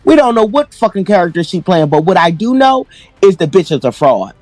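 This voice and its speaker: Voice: mid-range voice, sing-song, fairly quick, a little mellow, dry recording, faint music behind. A livestream host giving brash, profane commentary in a campy, slangy way.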